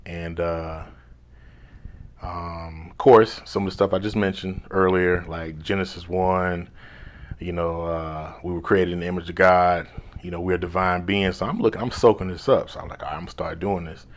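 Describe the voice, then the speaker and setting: A man, a life coach, telling a personal story in a laid-back, slangy way, now and then dropping to a hushed whisper. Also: low-pitched, fairly even intonation, moderate pace. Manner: drops to a hushed whisper when replaying his inner thoughts.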